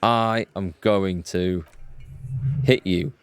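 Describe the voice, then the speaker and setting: A man's voice: low voice, fairly even intonation, extremely slow, smooth. A man voicing a hot-tempered, burly male dockworker boss in a game, swearing and snapping. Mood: seething. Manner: angry, crude.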